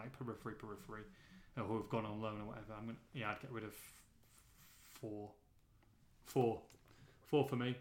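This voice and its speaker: A man co-hosts a football podcast in a loose, bantering way, firing off listener questions and tossing in quick jokes. His voice sits at a middle pitch for a man. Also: a bit bright. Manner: chatty, banter-filled, quick asides. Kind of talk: casual football podcast chat.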